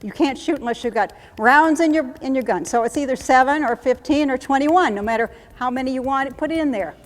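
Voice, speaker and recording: A woman trainer leading a live workshop demonstration, coaching briskly and chanting phrases in steady repetition. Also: sits high. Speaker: trainer teaching combat medics. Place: conference room. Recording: echoey hall from a live conference.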